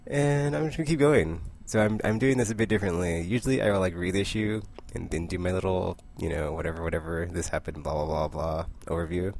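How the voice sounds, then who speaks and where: A young man chatting casually about the comics he picked up this week, rambling with asides and short laughs and acting out the characters in quick voices. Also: low-pitched, gravelly, a little mellow. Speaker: comic book vlogger. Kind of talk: casual comic book review.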